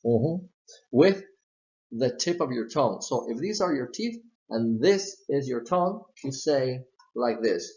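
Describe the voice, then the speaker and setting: A man's voice: medium pitch, lively intonation, unhurried, darkish tone. A man teaching English pronunciation, explaining each step patiently and repeating model words. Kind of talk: slow step-by-step pronunciation lesson. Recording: slightly dull lo-fi recording.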